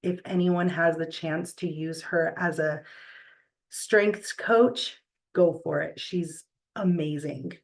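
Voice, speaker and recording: A middle-aged woman giving a reflective motivational talk, earnest and deliberate, with pauses between phrases. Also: deep voice, fairly even intonation, vocal fry, poor audio.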